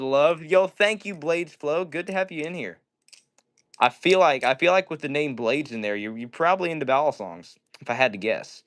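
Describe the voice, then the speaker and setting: A man's voice: medium pitch, a bit bright. A man hosting a casual livestream, chatting with viewers and rambling and apologizing often. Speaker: livestream host.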